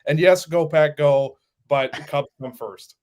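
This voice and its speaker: A man's voice: a little high, unhurried, darkish tone. A man from Wisconsin with a Wisconsin accent, a show producer chatting in a friendly way and laughing easily. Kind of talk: casual chat.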